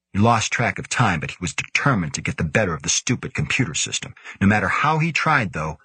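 Man narrating a sci-fi audiobook, deep husky voice, dry close sound. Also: pushed and bright, no room sound. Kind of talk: scripted narration.

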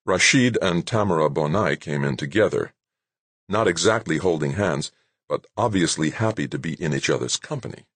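Deep, husky audiobook narrator. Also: male voice, normal speed, no echo. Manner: expressive storytelling.

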